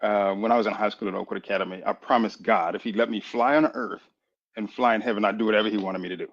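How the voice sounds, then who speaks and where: A man in his fifties from Boston, a military chaplain telling his story as a radio interview guest, lively and full of acted-out dialogue. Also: on the low side, fast talker. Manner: animated, lively storyteller who acts out dialogue. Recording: dull lo-fi radio audio.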